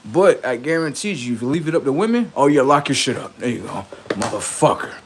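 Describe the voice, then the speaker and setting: A man's voice: medium pitch, very animated, brisk, noisy background. A man on a livestream, talking in a rambling, profane, boastful monologue, often laughing and acting out quoted voices. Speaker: livestream host.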